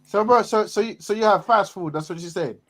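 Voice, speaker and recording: A man chatting casually on an online stream as a guest, excitable and restarting his sentences. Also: sits high, a little fast. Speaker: podcast guest. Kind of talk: casual chat.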